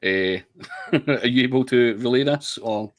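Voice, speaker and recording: A man's voice: medium pitch, a little slow. Man hosting a podcast. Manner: friendly prompting, hesitant with fillers. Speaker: podcast host. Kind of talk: casual interview chat.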